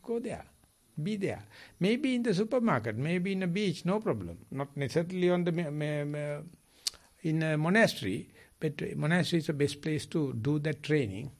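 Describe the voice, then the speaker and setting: A man, a Buddhist monk giving a dharma talk in halting English, with restarts and repeated words. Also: fairly high pitch. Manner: lively, halting non-native English with repeats.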